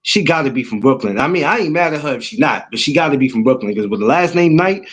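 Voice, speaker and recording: A man's voice: medium pitch, animated, quick pace, breathy edge. A man from New York with a New York accent, chatting casually as a guest and telling stories in loose street slang. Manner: laid-back street slang, storytelling with repeated asides. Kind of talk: casual chat.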